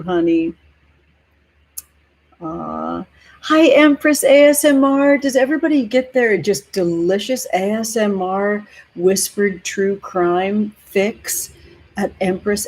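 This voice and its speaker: A woman hosting a tarot livestream, chatting warmly with viewers from home, gentle and emotional, calling everyone honey and sweetheart. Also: lowish voice, poor audio. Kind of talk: casual livestream chat with viewers. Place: home near the ocean.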